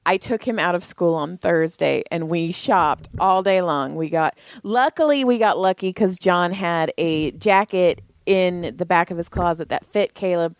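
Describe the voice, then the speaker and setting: A woman's voice: fairly low pitch, a little slow, hardly any pauses, clean tone, dry recording. A middle-aged woman co-hosting a podcast, telling a family story in a chatty, profane way and acting out the dialogue. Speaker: podcast co-host. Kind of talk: casual chat.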